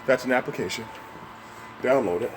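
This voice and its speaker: A mid-range male voice at a moderate pace comes through a noisy background. It belongs to an older fitness vlogger on a stair climb, slightly winded, cheerfully coaxing his viewers directly.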